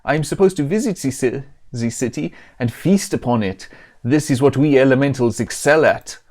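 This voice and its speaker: A man's voice: medium pitch, normal speed, a little mellow, close to an everyday voice. A man putting on a hammy pizza monster. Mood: menacing. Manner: mock Italian-ish accent, hammy. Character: boastful male pizza elemental monster.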